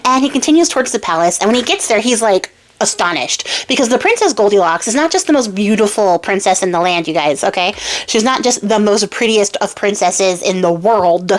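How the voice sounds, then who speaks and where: A young woman retells a fairy tale in a loose, chatty way, full of slang and asides. Her voice sits at a typical middle pitch for a woman. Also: expressive, fairly quick. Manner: chatty, slangy, laughs often. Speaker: YouTube storyteller.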